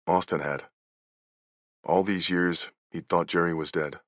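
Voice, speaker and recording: A man reading nonfiction as an audiobook narrator, in a measured, even delivery. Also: low voice, no echo.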